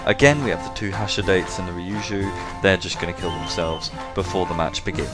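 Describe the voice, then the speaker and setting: A low-voiced English man hosts a casual commentary over a game replay. He keeps it chatty and slips in joking asides as he talks through the action. Music plays clearly beneath his voice the whole time. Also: fairly quick. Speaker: game commentator and show host.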